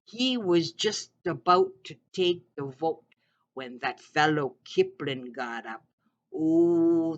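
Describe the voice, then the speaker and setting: A speaker voicing an old Red River settler man, telling a yarn in the Bungi dialect with animated, drawn-out delivery. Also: medium pitch, lo-fi sound, a little hiss or hum.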